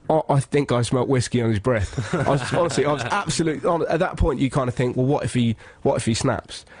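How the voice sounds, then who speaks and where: A man's voice: mid-range voice, darkish tone, breathy edge. An English man co-hosting a radio show, telling a funny story with lots of energy and acting out people in silly voices. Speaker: radio co-host. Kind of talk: excitable comic storytelling. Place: radio studio.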